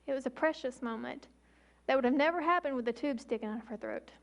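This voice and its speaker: Speaking publicly with emphasis, this woman in her forties, an ER doctor, lets slow, deliberate pauses punctuate her points. Her voice is high-pitched.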